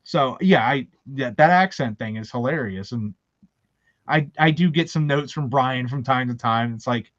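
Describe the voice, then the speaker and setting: A man from Baltimore, USA, with a faint local accent, hosts a casual chat, telling rambling, anecdotal stories and laughing often. His mid-range voice has a fairly bright tone at normal speed, recorded lo-fi with no echo.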